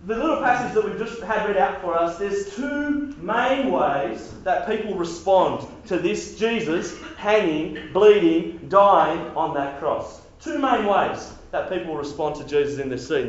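A man giving a sermon to young people, animated and casual, repeating himself and acting out quotes. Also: high-pitched, measured pace. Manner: animated, repetitive, casual slang, acts out quotes. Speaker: youth preacher. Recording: very echoey hall, dull sound.

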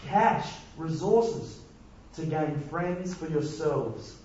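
A man's voice: a little high, animated, extremely slow, dark tone, very echoey, lo-fi sound, a little hiss or hum. A man giving a conversational sermon full of rhetorical questions. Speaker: preacher.

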